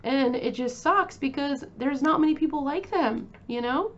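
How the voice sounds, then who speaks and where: True crime host: woman, chatty and emotional, fairly high voice, dull lo-fi sound. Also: moderate pace. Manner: chatty, emotional, many fillers and restarts.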